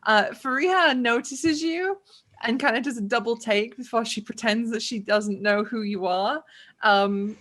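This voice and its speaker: A woman's voice: on the high side, unhurried, a bit bright. A woman narrating a tabletop game as game master, chatty, with frequent fillers and laughs.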